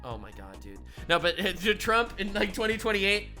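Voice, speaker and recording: A man giving comedic reaction commentary as a streamer, excitable and swearing, swinging from loud outbursts to low mutters. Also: normal speed, music in the background.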